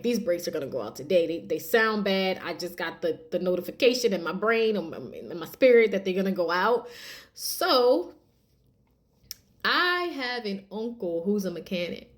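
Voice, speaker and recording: Animated woman telling a testimony. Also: medium pitch. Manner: animated, addresses viewers as y'all, acts out quotes. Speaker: vlogger sharing a testimony. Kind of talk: casual storytelling testimony.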